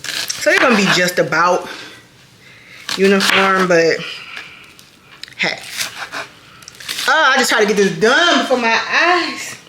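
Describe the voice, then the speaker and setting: A woman's voice: mid-range voice, expressive, slow, pauses often, echoey room, noisy background. A woman chatting casually to her viewers as she cooks in her home kitchen, filmed by a camera on a tripod, calling them "y'all". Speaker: vlogger cooking at home. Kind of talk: casual cooking vlog chat.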